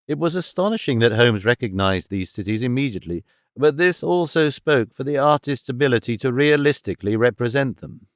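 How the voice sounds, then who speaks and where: A man narrating an audiobook in a measured, even storytelling manner, recorded on a studio microphone. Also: mid-range voice, no echo. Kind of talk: scripted narration.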